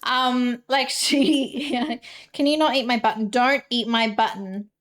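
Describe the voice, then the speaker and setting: A woman's voice: fairly high pitch, steady tone, unhurried, fairly bright tone. A young woman, chatting casually with her live-stream chat, giggly and full of fillers.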